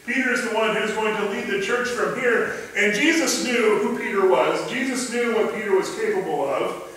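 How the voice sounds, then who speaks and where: Male pastor, high voice, relaxed storytelling sermon, distant mic in a reverberant sanctuary. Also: normal speed. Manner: conversational storytelling, retelling scripture in plain words. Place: church sanctuary. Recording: echoey church hall from a distant mic.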